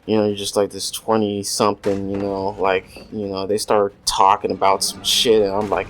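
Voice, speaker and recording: The speaker, a man gaming at home, tells a crude story in a loose, rambling way full of swearing and filler, at a normal speed with few pauses. His voice is on the low side and completely flat, and the rough recording was made with a desk USB mic amid faint noise and mouse clicks.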